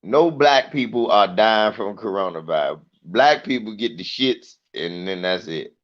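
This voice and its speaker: A man telling profane stand-up stories, animated and acting out the people in them. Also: lowish voice, a little slow, muffled recording. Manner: profane, animated, mimics voices. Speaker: comedian. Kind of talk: stand-up storytelling.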